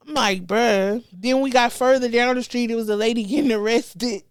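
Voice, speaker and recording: A woman, telling wild stories as a comedian guest, animated and profane, acting out the people she quotes. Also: high voice, normal speed, clear, resonant tone, dry recording, clean studio sound. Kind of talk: casual storytelling chat.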